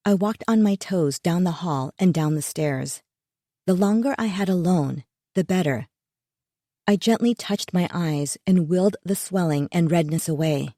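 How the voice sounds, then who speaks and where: A woman narrating a first-person thriller audiobook in a measured, tense way. Her voice sits low and mellow, and the recording is dry and close with no room sound. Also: no echo.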